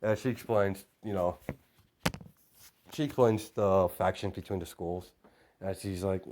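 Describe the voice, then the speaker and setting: A young man with a very low voice improvising a fan-fiction story, rambling along with constant "you know" fillers. It sounds like loose, off-the-cuff storytelling. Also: steady tone, a little slow, long pauses, a little mellow.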